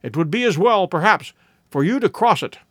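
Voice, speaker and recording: Guy reading as a cool unbending detective, precise and clipped, lively pitch, dry close sound. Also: no echo. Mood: cool, measured. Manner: cold, measured, inexorable. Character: cold, inexorable male detective, sharp and precise.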